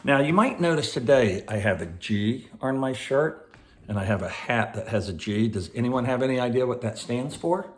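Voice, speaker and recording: A middle-aged man from Georgia talks to children in a chatty, friendly way. His voice sits at an ordinary mid pitch, and he keeps asking his young audience questions. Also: lively intonation, normal speed. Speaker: reader for schoolchildren. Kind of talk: casual talk to children.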